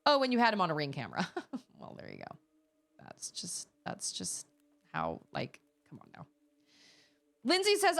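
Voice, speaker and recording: A woman's voice: on the low side, moderate pace, creaky, long pauses. A woman streaming a video game, chatting casually and expressively with her viewers and reading their messages aloud. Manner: animated and expressive, reads chat aloud. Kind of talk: casual gameplay chat.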